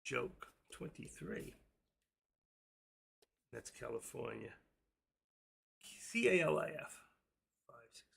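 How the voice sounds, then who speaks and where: A man's voice: medium pitch, animated, slow, gravelly, long pauses, a bit bright, slightly rough. A man hosting a live stream, chatting casually in a rambling, jokey and brash way.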